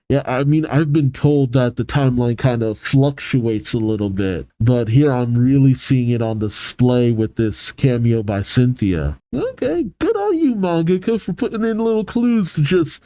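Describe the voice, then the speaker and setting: A man reacting on camera in a casual, musing way, his pitch swinging up and down as he thinks out loud. His voice is mellow and relaxed, and it is recorded close and dry with no room sound. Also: measured pace, hardly any pauses, no room sound, low-quality recording. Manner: musing, thinking aloud with many restarts. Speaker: reaction channel host.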